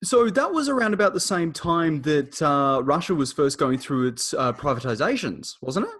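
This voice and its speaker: A man's voice: fairly high pitch, sing-song, moderate pace, noisy background. A man interviewing a guest, chiming in with short, encouraging questions and remarks. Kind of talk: casual interview chat.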